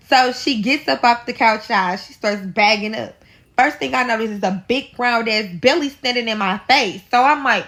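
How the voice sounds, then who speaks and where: A woman's voice: fairly high pitch, expressive, normal speed, fairly bright tone. A woman from St. Louis with a St. Louis accent, dramatically telling a personal story in a casual storytime and talking to her listeners as y'all. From St. Louis, USA. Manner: dramatic, addresses listeners as y'all, swears freely.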